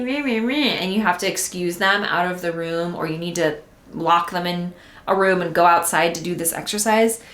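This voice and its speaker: A woman's voice: medium pitch, a bit bright. Earnest woman podcaster in a roomy space. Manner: earnest, heartfelt, emphatic. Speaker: podcast host and voice teacher. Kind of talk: encouraging solo podcast talk. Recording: roomy echo.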